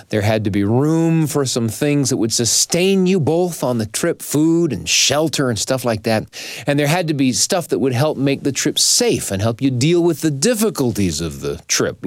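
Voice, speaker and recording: A male host reflects in a calm, measured voice with a lively rise and fall in pitch. He speaks at a mid pitch and keeps a thoughtful, unhurried tone. The recording is close and dry. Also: no room sound. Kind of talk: reflective radio commentary.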